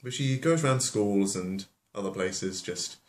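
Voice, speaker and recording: A man's voice: lowish voice, lively intonation, measured pace. A man telling a fairy tale as a comedy, rambling with offhand asides. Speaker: storyteller. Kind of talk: comic storytelling. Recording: roomy echo.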